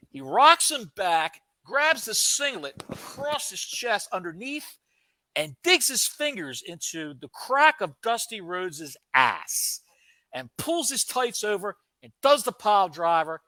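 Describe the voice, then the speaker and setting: A man co-hosting a podcast, telling a story in a casual, comic way with dramatic pauses. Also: sits high, big pitch swings, sharp tone, no room sound. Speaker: podcast co-host.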